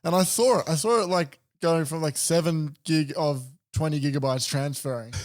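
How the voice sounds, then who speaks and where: A man's voice: a little high, moderate pace. A man co-hosting a podcast who chats casually, swears freely and acts out his own reactions while telling a story. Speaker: podcast co-host.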